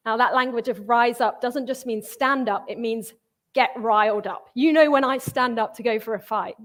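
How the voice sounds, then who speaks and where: A woman's voice: a little high, normal speed. A young woman, preaching in a church in a conversational way and reading scripture with feeling. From England. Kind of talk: sermon.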